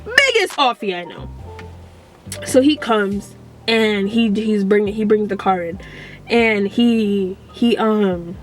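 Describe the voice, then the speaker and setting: A young woman vlogger telling a story in a rambling, animated way with many fillers. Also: mid-range voice, slow pace, soft background music. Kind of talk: storytime vlog.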